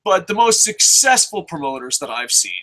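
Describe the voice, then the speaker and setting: Blunt, profane man with a bright voice. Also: sits high, big pitch swings, moderate pace, low-quality recording. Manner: blunt, profane, rambling with restarts. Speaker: vlogger answering viewer questions. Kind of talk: casual advice monologue.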